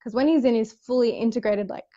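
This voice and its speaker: Casting note: higher-voiced earnest woman host, casual swearing, dull lo-fi audio. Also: quick pace, warm tone. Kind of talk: casual spiritual chat.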